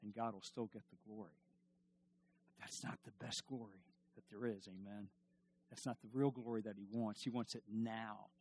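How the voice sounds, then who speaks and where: A male pastor preaching a sermon emphatically, repeating his questions and swinging from loud to hushed. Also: on the low side, fairly even intonation, normal speed, a little hiss or hum.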